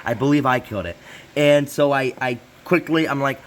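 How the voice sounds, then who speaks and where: A man's voice: medium pitch, normal speed, a bit bright, a little hiss or hum. A young man hosting a casual repair vlog in a hot garage, rambling and self-interrupting with apologetic asides. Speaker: channel host.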